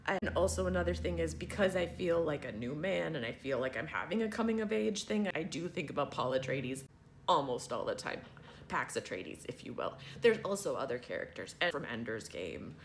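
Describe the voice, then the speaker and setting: A man's voice: a little high, vocal fry, slight background noise. A trans man chatting casually to his viewers, rambling and wry and laughing often. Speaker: vlogger. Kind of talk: casual chat to camera.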